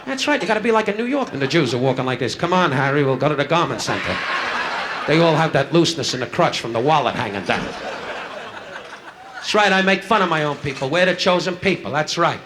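A man's voice: fairly high pitch, sing-song. A man doing insulting stand-up crowd work on a nightclub stage, firing barbs at audience members. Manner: insulting, rapid-fire banter with the audience. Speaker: stand-up comedian. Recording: noisy 1960s live album recording.

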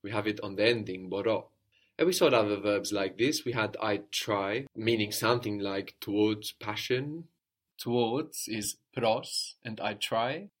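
Male language tutor, fairly low-pitched, patient, explains grammar and echoes the student's answers. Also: a little slow. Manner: patient, prompting, repeats answers and confirms. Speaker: language teacher. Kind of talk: guided language lesson.

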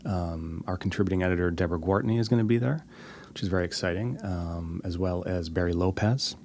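Deep-voiced male podcast host. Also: brisk, a little mellow, a little hiss or hum. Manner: informal, with frequent "um" and "uh". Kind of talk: casual chat.

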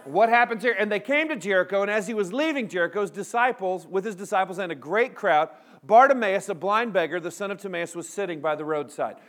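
Lively, high-pitched preacher man with a lilt. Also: a little fast. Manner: energetic call-and-response preaching, humorous asides. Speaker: pastor. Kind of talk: sermon.

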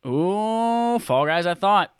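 Animated man co-hosting a podcast. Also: high-pitched, slow, clear, resonant tone, no echo, clean studio sound. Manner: animated, playful, jokey asides. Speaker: podcast co-host. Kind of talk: casual chat.

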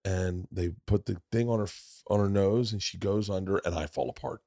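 A man hosting a podcast, telling a long story in casual, animated chat with lots of swearing and restarts. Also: sits low, normal speed, no room sound, clean studio sound. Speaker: podcast host, comedian.

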